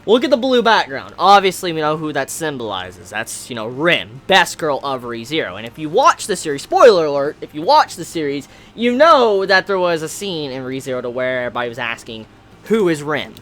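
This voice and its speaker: Excitable man, wildly swinging pitch. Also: a little fast. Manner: excitable, swings to shouting and squealing; stammers and repeats himself. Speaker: anime vlogger. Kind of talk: casual unboxing vlog.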